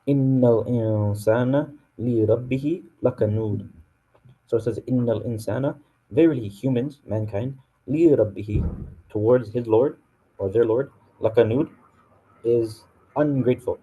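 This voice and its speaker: A man's voice: mid-range voice, very fast, husky, phone-quality sound. A man with a North American accent explaining Quranic verses in a casual classroom way, with many fillers and restarts. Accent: North American English. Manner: relaxed, full of fillers and restarts. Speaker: Quran teacher.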